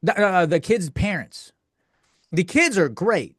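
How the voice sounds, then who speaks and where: Guy ranting on his podcast, bit high pitched, swears a lot, keeps restarting, dead dry mic. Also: expressive, takes it slowly, a bit bright, breathy edge, no echo. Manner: crude, profane, rambling with many restarts. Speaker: podcast host. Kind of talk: comedic rant.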